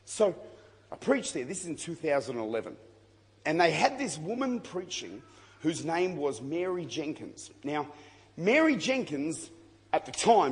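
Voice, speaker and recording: A man preaches in a large church hall, telling his story with jokes and sudden shouts. His voice sits a little high and swings widely in pitch. A long reverb trails each phrase over faint crowd ambience. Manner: storytelling, animated and jokey, with bursts of shouting. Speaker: pastor. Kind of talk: sermon.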